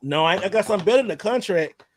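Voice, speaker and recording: Lively high-voiced man telling stories. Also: very fast, a crowd in the background. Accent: Texan. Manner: animated storytelling, slangy, laughs often. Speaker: podcast host. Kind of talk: casual chat.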